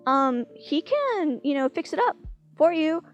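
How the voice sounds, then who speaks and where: A woman's voice: high voice, sing-song, unhurried, lo-fi sound, soft background music, voice pushed up. A woman voicing an easygoing friendly monk. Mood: reassuring. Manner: easygoing, reassuring. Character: friendly helpful male monk.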